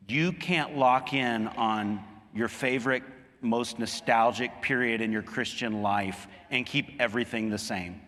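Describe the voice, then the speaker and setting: A man delivers an earnest sermon in a bright, forceful voice. He presses his points by pushing higher and louder. The sound carries a long reverb, as in a big hall. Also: a little slow. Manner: earnest preaching, rising emphatically on key points. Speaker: pastor.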